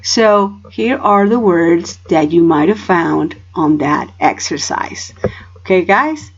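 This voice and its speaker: A woman's voice: on the low side, expressive, slow pace, dull audio. A woman teaching English in a recorded home lesson. She explains step by step and often checks in with "okay?".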